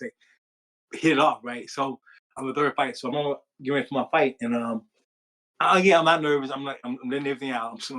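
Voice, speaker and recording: A man, a former boxer, telling stories in an interview with a rambling, animated manner and many fillers. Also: mid-range voice, rough recording. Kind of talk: storytelling interview.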